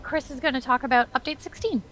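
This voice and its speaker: A high, bright-voiced woman chatting casually as a livestream host. She talks in an upbeat, quick, friendly way, laying out what the stream will cover. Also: rough recording. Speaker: community manager and stream host.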